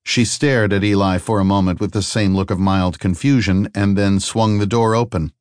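Man narrating an audiobook, low steady voice, dry close mic. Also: moderate pace, clean tone, no room sound. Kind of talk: scripted narration.

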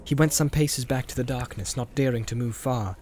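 A man narrating a fantasy audiobook in a steady, measured storytelling voice. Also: medium pitch, a little hiss or hum.

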